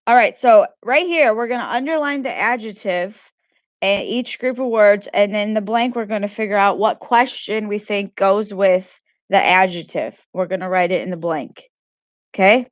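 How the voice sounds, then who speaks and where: A woman's voice: medium pitch, normal speed, dry recording, lo-fi sound. A woman teacher giving a grammar lesson to children, patiently repeating questions and praising answers.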